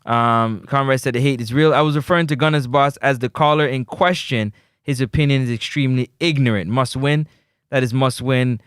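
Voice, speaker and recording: A man hosting a live sports talk show, reading out viewer comments and giving shout-outs. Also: medium pitch, fairly even intonation, a little fast, smooth, no room sound, studio quality. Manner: reads chat messages aloud, gives shout-outs. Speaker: host.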